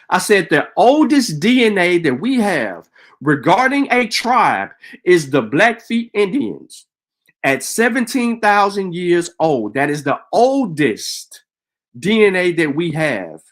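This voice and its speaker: Profane, combative man with lively pitch. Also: takes it slowly. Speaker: live stream host. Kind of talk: heated live stream rant.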